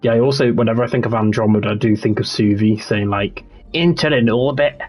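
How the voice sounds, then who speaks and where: A young man streaming a game, chatting in a relaxed, rambling way and answering his chat as he plays. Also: lowish voice, fast talker, faint music behind. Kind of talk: casual livestream chat.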